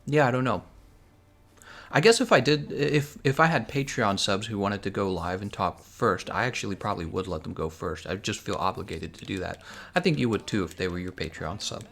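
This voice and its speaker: A man's voice: on the low side, fairly quick, vocal fry, fairly bright tone. A man streaming a game live, rambling as he thinks aloud and answers viewers' chat messages. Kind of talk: casual live-stream chat while gaming.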